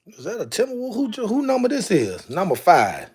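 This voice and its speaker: A man's voice: high-pitched, wildly swooping pitch, moderate pace, a little mellow, slightly rough. A man chatting casually on a live stream, exclaiming to himself as he goes through jerseys. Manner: drawling, exclaiming to himself while sorting jerseys.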